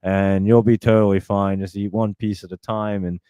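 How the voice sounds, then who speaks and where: A man's voice: fairly low pitch, little pitch movement, normal speed, mellow, smooth, no room sound. A man hosting a live stock trading stream, chatting in a loose, rambling way with casual swearing and plenty of fillers.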